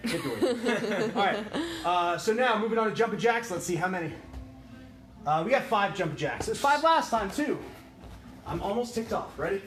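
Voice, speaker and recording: A kickboxing instructor leads a livestreamed class, counting reps and joking with his students. His voice is high, animated and a bit bright, at a moderate pace. The room is echoey, with music playing behind him.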